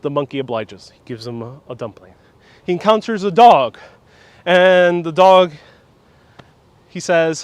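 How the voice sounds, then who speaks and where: A man's voice: normal speed, dry recording. Man casually retelling a folk tale outdoors. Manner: lively, casual retelling with pitch swings and fillers. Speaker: tour guide host. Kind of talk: casual storytelling tour. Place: outdoor sculpture park. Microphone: wireless clip-on mic.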